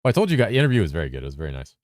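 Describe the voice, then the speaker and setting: Reading viewer messages aloud during a game stream, a very deep-voiced man fires back casual replies sprinkled with swearing, speaking fast so he doesn't fall behind chat. His delivery shifts between an upbeat presenter tone and a flatter low register, and the audio is clean studio sound without echo.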